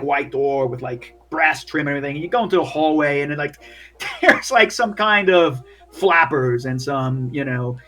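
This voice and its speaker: A man's voice: fairly high pitch, fairly bright tone. A man narrating as game master in a chatty way, full of "like" and "you know". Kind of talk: casual tabletop game narration.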